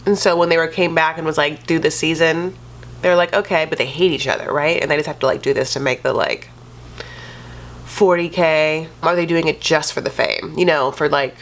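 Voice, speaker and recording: A woman's voice: sits low, a little fast. Sassy gossiping woman. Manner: sassy, gossipy, says "honey" and "like" constantly. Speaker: reality TV recap vlogger. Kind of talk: casual commentary.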